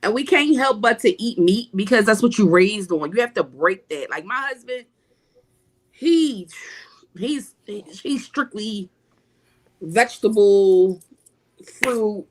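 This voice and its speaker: A woman's voice: mid-range voice, animated, slow pace, pauses often. Emphatic woman preaching in casual talk. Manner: emphatic, repetitive preaching cadence. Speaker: guest. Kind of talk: casual spiritual talk on a livestream panel.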